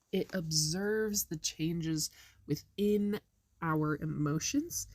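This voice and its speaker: A woman's voice: lowish voice, dry recording. A young woman giving casual spiritual advice, chatty and earnest, who acts out inner voices with big swings in tone. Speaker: spiritual wellness vlogger.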